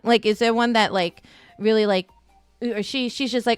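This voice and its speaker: A woman's voice: mid-range voice, normal speed, clear, resonant tone, no room sound, faint music behind. A woman hosting a charity stream, telling family stories in casual chat, laughing often and restarting her sentences. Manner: animated storytelling, frequent laughter, many restarts. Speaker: streamer host.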